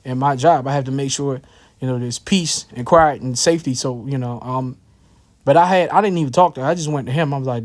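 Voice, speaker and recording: A man's voice: medium pitch, fast talker. A man giving casual scripture commentary, telling a personal story in a loose, slangy way with many fillers and asides. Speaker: religious teacher.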